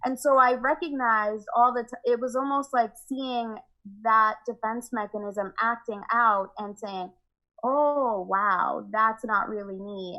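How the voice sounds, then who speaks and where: A young woman with a fairly high voice talks frankly in a relaxed podcast chat. She laughs often and slips into little acted-out versions of her own past words. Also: poor audio. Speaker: podcast guest. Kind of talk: casual conversation.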